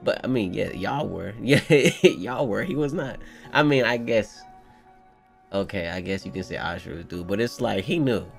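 A young man hosting a casual manga reaction, excitable, slangy and profane as he riffs to his viewers. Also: on the low side, moderate pace, gravelly, faint music behind. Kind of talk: casual live reaction commentary.

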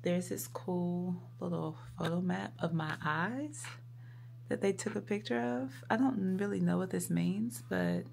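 A woman talks casually to her viewers. Her voice sits a little low, and she chats loosely with plenty of fillers. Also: unhurried, vocal fry, darkish tone, a little hiss or hum. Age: 30s. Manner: chatty, frequent fillers, addresses viewers as y'all. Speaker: vlogger. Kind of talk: casual vlog chat.

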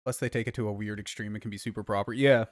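A young man streaming a video game from home, chatting casually with a relaxed, sweary manner and lots of fillers. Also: on the low side, very fast, no echo, studio quality. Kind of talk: casual gameplay chat.

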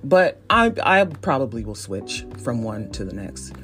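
Speaking at an extremely low pitch with wide swings in intonation, a woman in her forties from Northeast Ohio hosts her own podcast at a measured pace, her tone slightly bright. She's chatty and self-deprecating in this casual solo monologue, laughing often over soft background music.

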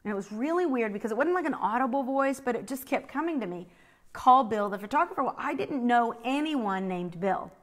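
A woman's voice: a little high, a little fast, few pauses. A middle-aged woman telling a personal faith story, quoting others as she goes. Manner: animated, quotes others in her own voice. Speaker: speaker sharing a faith story.

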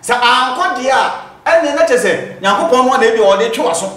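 Ghanaian prophet teaching in an echoey room. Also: male voice, extremely high pitch, animated, a little fast, bright, forceful tone. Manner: preacherly, cites scripture. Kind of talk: teaching in an interview. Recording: roomy echo.

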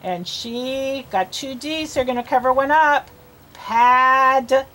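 A woman's voice: high-pitched, expressive, normal speed. A woman reading teacher giving a patient one-on-one reading lesson, sounding out words and coaxing a child along.

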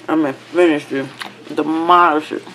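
A woman's voice: low voice, slight background noise. A woman hosting a mukbang, chatting casually while chewing and humming as she eats. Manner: talks while chewing, lots of hums of enjoyment. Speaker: mukbang host. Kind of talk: casual eating chat.

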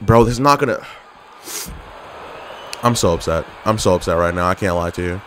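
A man's voice: low voice, a little fast, a bit bright, a little hiss or hum. A young man giving live gameplay commentary, trash-talking his opponents and getting exasperated with the match. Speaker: gaming commentator.

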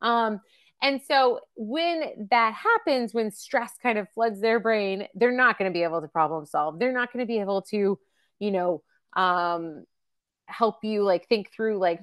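With a clear, resonant, slightly bright mid-range voice and a measured pace, a woman presents a parenting webcast. She's in her thirties or forties and teaches in a casual, chatty style, using many fillers and acting out example quotes.

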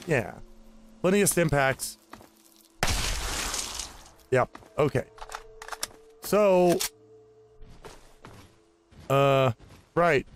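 Gaming host, man, slightly high voice, chatty and rambling as he plays, faint background hiss. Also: animated, slow, pauses often. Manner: rambling, chats to enemies. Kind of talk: casual game commentary.

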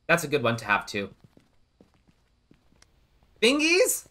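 A man streaming a ghost-hunting game, talking excitably with teammates and viewers. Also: a little high, fast talker. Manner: animated, excitable, addresses viewers. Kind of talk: live gameplay commentary.

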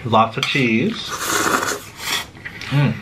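A man chatting on an eating vlog, dry and teasing, tossing deadpan jabs. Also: medium pitch, very slow, noisy background. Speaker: co-host partner. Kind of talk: casual eating vlog chat. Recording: clattering dishes and clicks behind.

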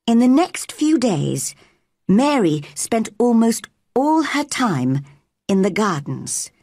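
A woman narrating a storybook slowly and carefully for English learners. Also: fairly high pitch, very animated, dark tone, no echo, studio quality.

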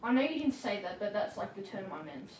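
A woman playing an excitable, competitive friend in a homemade kids' web drama, with a high, bouncy delivery that jumps quickly to shouting. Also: slight background noise, lightly acted. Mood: apologetic. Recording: echoey room, mic far off.

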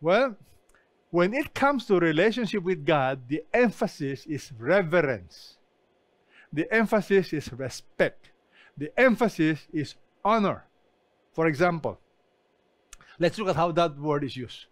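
High-voiced pastor preaching slowly. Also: male voice, expressive, no room sound. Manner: emphatic, asks the congregation questions. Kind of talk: sermon.

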